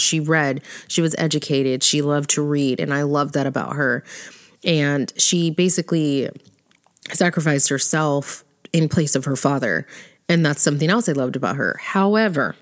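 A woman giving blunt, opinionated commentary in casual chat, swearing freely and laughing often. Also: deep voice. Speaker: vlogger ranking characters.

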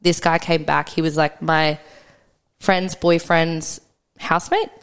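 A woman guest on a podcast, telling a hard personal story in a reflective, halting way, full of "like" and restarts. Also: low-pitched, steady tone, smooth. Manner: reflective, halting, heavy use of "like".

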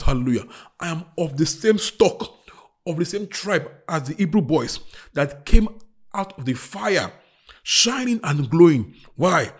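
A man preaching a sermon, repeating bold declarations and then praying more softly. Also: medium pitch, breathy edge. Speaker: pastor. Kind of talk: sermon and prayer.

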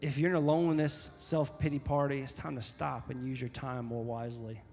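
A man preaching a sermon as pastor, emphatic and repetitive, often rising to loud, high exhortation. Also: level tone, brisk, creaky, big-room sound, soft background music.

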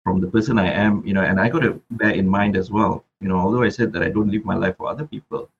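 A man's voice: low-pitched, fairly even intonation, fast talker, breathy edge, lo-fi sound. A Malaysian man who raps, talking reflectively as a podcast guest and often repeating words while he thinks. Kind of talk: casual interview chat.

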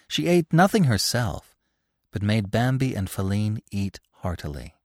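A man hosting a podcast and giving a measured, expressive reading of a classic story. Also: medium pitch, no echo, clean studio sound. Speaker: audiobook narrator and podcast host. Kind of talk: scripted audiobook narration.

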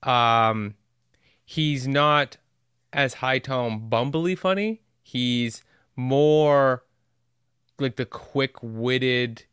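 A man's voice: mid-range voice, extremely slow, fairly bright tone, clear, resonant tone, no echo, clean studio sound. A man co-hosting a podcast in casual chat, thoughtful and searching for his words, with an easy chuckle. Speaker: podcast co-host.

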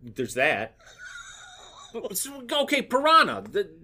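A man's voice: high-pitched, wildly swooping pitch, slow, sharp tone, slight background noise. A man co-hosting a casual podcast chat, rambling, swearing freely and laughing often. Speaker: podcast co-host.

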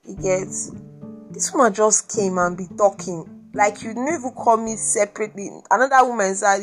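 Podcast host: Nigerian woman, mid-pitched, exasperated storytelling, faint guitar music behind. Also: moderate pace. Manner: animated, exasperated, repeats herself for emphasis. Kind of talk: casual personal storytelling monologue.

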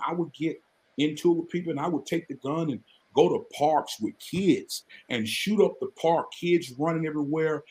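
A man, telling his life story as a guest on a live podcast, earnest and animated. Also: on the high side. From Mississippi, US. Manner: earnest, animated storytelling with sudden excited rises.

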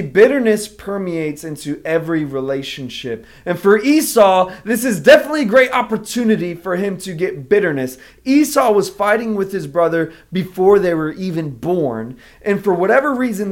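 A pastor preaching a sermon in an earnest, emphatic way. His voice sits a touch higher than most men's. He walks his listeners through a Bible story. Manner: earnest, emphatic teaching, explaining a Bible passage.

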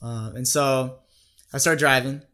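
A young man speaking as a guest on a podcast, in a mid-range voice at an everyday pitch. He tells his story in a loose, chatty way and keeps tacking "right?" onto his sentences. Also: fairly even intonation, a little slow, pushed and bright. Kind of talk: casual storytelling.

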